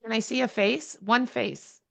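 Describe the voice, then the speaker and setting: A woman leading an online real estate training on a video call, frank and plain-spoken, with quick blunt asides. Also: a little high, steady tone, creaky. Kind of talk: online training session talk. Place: home or office on a video call.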